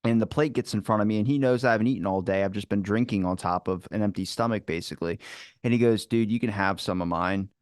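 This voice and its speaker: Animated storytelling man. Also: lowish voice, fast, dry recording, clean studio sound. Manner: animated, swearing, acts out quotes. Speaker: podcast guest. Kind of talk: casual storytelling.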